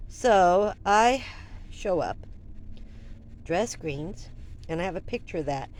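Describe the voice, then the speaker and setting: An older woman vlogger telling a personal story in an animated, rambling way, full of restarts and asides. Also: lowish voice, slow pace.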